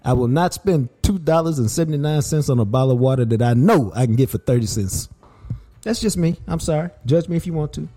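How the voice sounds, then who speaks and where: A man's voice: a little high, fast. A man hosting a podcast, telling stories in an emphatic, worked-up way. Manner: animated, emphatic storyteller who gets worked up. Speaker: podcast host. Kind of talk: casual podcast chat.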